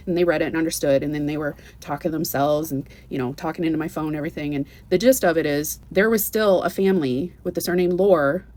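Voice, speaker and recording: A woman telling her own travel story in a casual, earnest way, with many restarts and asides. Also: low-pitched. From United States. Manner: earnest and animated, with many restarts and "you know"s.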